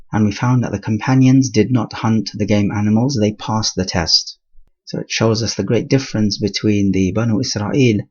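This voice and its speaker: A man teaching the meaning of Quran verses in English, speaking slowly in short phrases and reciting the Arabic between his explanations. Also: lowish voice, a little mellow, dull audio.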